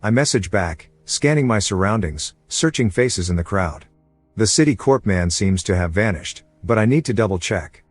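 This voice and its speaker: A man narrating an audiobook in the first person, steady and low-key, with a husky voice. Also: moderate pace, dry recording, faint music behind.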